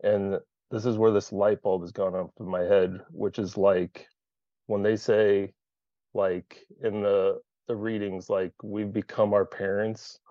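Man in a support group, low voice, candid and profane, sharing over a dull dry video call line. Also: level tone, unhurried, mellow, no room sound. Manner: candid, swears freely, searching aloud.

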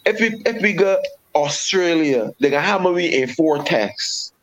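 A man's voice: on the high side, expressive, a little slow, crowd noise. A man with a West Indian accent, a regular panelist arguing heatedly about cricket in a repetitive, emphatic way. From Caribbean. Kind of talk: heated sports debate. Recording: dull lo-fi sound.

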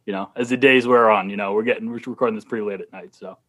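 A man's voice: lowish voice, steady tone, racing, fairly bright tone. A man with a slight Boston accent chatting casually as a podcast guest, laughing through his stories. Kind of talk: casual chat.

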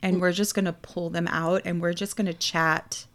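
A Texan woman co-hosting a casual chat, telling travel stories in a lively way and acting out what people said. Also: fairly low pitch, moderate pace. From Texas. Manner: animated storyteller, acts out quotes. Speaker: podcast co-host.

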